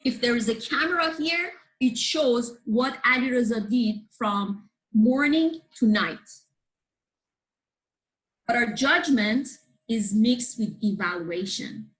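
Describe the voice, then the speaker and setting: A woman who is a guest on a show, explaining a book's ideas to a live group in a lively way and often asking her listeners questions. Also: fairly high pitch, slow pace, poor audio. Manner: lively, checks in with listeners, asks the audience questions.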